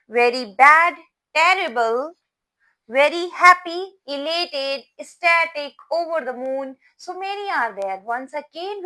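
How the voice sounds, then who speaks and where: A woman gives an unhurried vocabulary lesson. Her voice is high and bright, and she spells words out letter by letter and repeats key phrases. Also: roomy sound, poor audio. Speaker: English teacher. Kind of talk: slow spoken vocabulary lesson.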